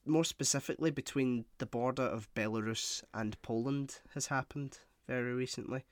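A man chats on a casual podcast, teasing his co-host in a dry way and stumbling through fillers before he makes his point. His voice sits at an ordinary middle pitch. The recording is close and dry. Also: moderate pace, no echo.

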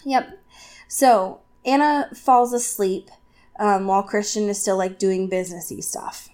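A woman co-hosting a casual podcast, recapping a novel chapter with lots of fillers and quick asides. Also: mid-range voice, steady tone, a little mellow. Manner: chatty, filler-heavy, acts out characters in quick asides. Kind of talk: casual chat.

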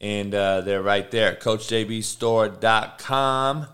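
A man's voice: on the low side, slow pace, fairly bright tone. A man hosting a sports betting show, reading injury news in a casual, offhand way with frequent swearing. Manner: profane, offhand, reads news aloud.

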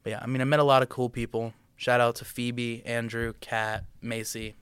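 A man's voice: medium pitch, flat delivery, moderate pace, fairly bright tone, clean tone, no room sound. A young American man co-hosting a casual political podcast, joking and rambling with lots of filler words. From United States. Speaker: podcast co-host.

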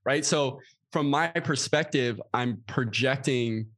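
A man co-hosting a casual talk about relationships, earnest and animated as he explains. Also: mid-range voice, no echo, studio quality. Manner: earnest, animated storytelling with quick asides.

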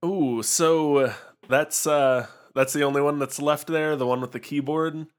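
A man's voice: a little high, steady tone, unhurried. A man co-hosting a casual, jokey chat about old video game gear. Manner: jokey, plays a mock-earnest bit. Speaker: podcast co-host.

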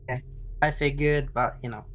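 A tabletop game player talks in a mid-range voice. The delivery is low-key, with asides trailing off into mutters. The pace stays casual and unhurried. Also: steady tone, highs cut off.

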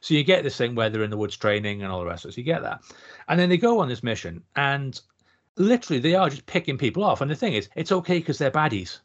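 Guy talking fast, sweary film rant, muffled lo-fi sound. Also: mid-range voice, big pitch swings. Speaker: podcast co-host. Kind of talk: casual film review chat. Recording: dull lo-fi audio.

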